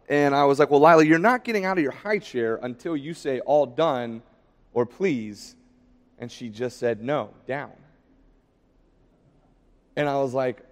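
A man in his thirties, a pastor preaching a sermon in a relaxed, conversational storytelling way with fillers. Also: a little high, big-room sound.

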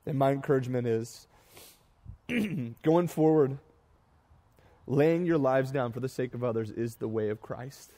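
A young man with a mellow, medium-pitched voice delivers a farewell sermon as a pastor. He builds through emphatic, rising repetition of phrases until emotion catches his voice and he turns tearful and halting.

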